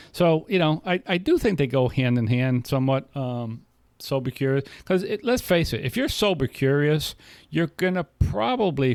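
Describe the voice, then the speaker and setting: In a casual recovery podcast, a man co-hosting a show about sobriety rambles through long stretches, restarting often and quoting other people's conversations back as dialogue. His voice sits in the mid range, and the recording is dry.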